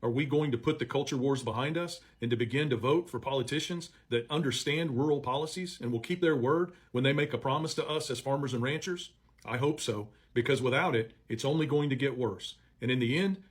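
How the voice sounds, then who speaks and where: A man gives a measured, earnest appeal in a mid-range voice. His voice is slightly husky. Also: mid-range voice. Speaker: advocate addressing farmers. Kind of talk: earnest speech to camera.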